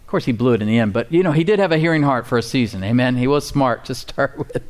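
Fast, darkish, and lively in intonation, a mid-range male voice drives this sermon. The pastor speaks to a responding congregation in church with emphatic, casual talk, repeating key words, asking for amens, and tossing in fillers and folksy asides.

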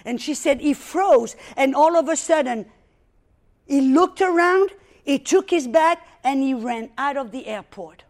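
A woman preaching, telling a personal story with lively, dramatic retelling and loud prayer declarations. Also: high-pitched, measured pace. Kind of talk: sermon storytelling.

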